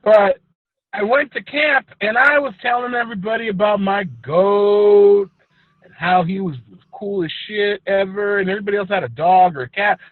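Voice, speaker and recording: A man co-hosting a casual podcast, an animated storyteller who swears a lot and plays up emotion. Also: high voice, normal speed, no room sound, narrow, tinny audio. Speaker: podcast co-host. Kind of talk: casual chat.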